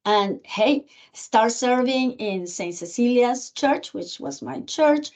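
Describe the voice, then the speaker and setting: A middle-aged woman with a Spanish accent, a guest in an interview, telling her story in an earnest, animated way. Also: on the high side, takes it slowly. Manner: earnest, animated, acts out remembered dialogue. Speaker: guest speaker, county commissioner. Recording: muffled lo-fi recording.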